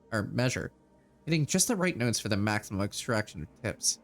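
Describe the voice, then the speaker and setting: Lively-voiced male game streamer. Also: mid-range voice, moderate pace, soft background music. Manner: reads game text aloud, casual asides. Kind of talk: let's-play narration and chat.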